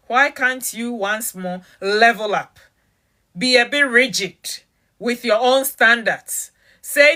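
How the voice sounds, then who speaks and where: A woman giving a motivational talk, emphatic and direct, repeating key phrases slowly and challenging the listener with questions. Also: high voice, bright, forceful tone. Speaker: motivational speaker.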